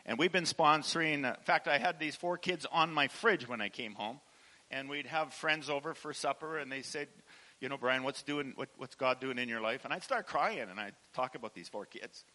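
A charity founder speaks to a church, his mid-range voice sharp in a rough recording. His personal testimony is an emotional, heartfelt story, full of halting restarts and little laughs.

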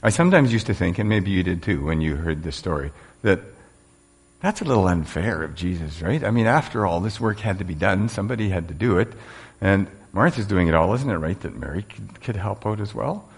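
A man's voice: deep voice, lively intonation, a little fast, husky. A man preaching a sermon in a conversational way, with rhetorical questions and casual fillers.

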